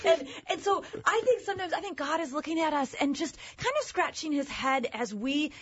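A woman guest on a faith talk show, telling personal stories in an animated way. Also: high voice, brisk, muffled recording.

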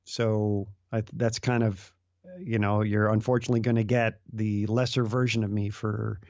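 A middle-aged man in casual conversation as a guest, talking in halting bursts with many restarts and fillers. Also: lowish voice, flat delivery, a little mellow, no room sound. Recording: dull lo-fi dry sound.

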